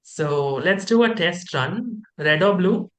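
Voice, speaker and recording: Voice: medium pitch, slow. A host welcoming participants to an online training session and leading a group game over a video call. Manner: upbeat, energetic, leads a group game.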